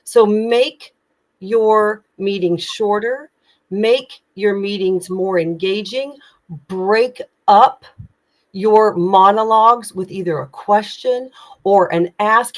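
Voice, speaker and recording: A woman's voice: mid-range voice, slow. A woman communication coach giving tips in a live online session, speaking with energy, urgency and emphatic projection.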